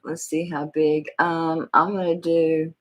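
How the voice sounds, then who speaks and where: Selling jewelry live, a middle-aged Southern woman speaks slowly in a low, level tone, greeting viewers by name in a folksy way. The audio sounds dull.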